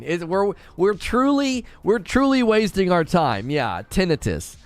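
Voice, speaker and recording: Animated ranting man, lively pitch. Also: a little slow, few pauses, dry recording, faint music behind. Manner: animated, ranting, stumbling over hard names. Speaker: gaming channel host. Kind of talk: casual live-stream chat, reading viewer comments.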